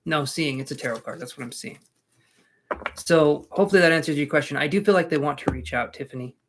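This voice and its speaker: A man's voice: a little high, quick pace, noisy background. Chatty man giving live tarot readings. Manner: casual, chatty, joking asides to viewers. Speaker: tarot reader.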